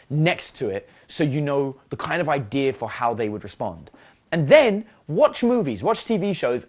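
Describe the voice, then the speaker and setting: A man teaching as a dating coach, telling a story in a chatty, animated way with lots of fillers. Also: on the high side. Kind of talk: casual storytelling lesson.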